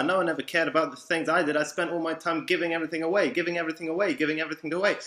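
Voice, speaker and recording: A man in his twenties rambles through an agitated, profane monologue, circling back to the same phrases. His voice sits fairly high and sounds bright and strained. The room around him is echoey. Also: steady tone, racing, hardly any pauses. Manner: profane, agitated, repetitive ranting. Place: room in a psychiatric ward.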